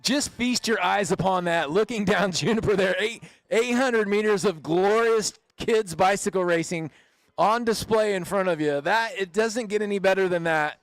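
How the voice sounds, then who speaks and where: A man calling a street bike race live outdoors, excited and playful, cheering the riders on. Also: high-pitched, normal speed, dry recording, studio quality. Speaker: race announcer.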